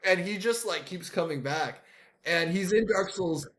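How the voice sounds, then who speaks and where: A man chatting as a podcast guest, excitable and laughing, acting out little quotes as he tells a story. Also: sits high, a little slow, slight background noise. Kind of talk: casual chat.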